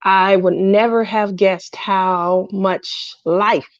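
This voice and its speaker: A middle-aged woman chats slowly on her craft livestream, low and lonely, rambling between thoughts and greeting viewers by name. Her voice sits at a medium pitch. It comes through a dry, slightly muffled home mic. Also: fairly even intonation, dry recording. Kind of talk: casual livestream chat.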